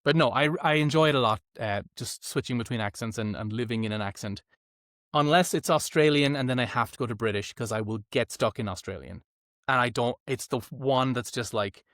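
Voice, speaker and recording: A man's voice: mid-range voice, brisk, no echo, clean studio sound. A man who works as an audiobook narrator, chatting casually and telling stories about himself in a self-deprecating way. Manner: self-deprecating, animated storyteller. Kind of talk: casual long-form conversation.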